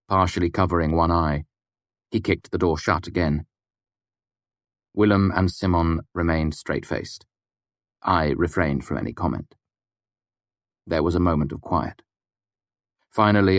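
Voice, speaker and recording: A man narrating a fantasy audiobook with expressive storytelling. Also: low-pitched, dry recording, studio quality.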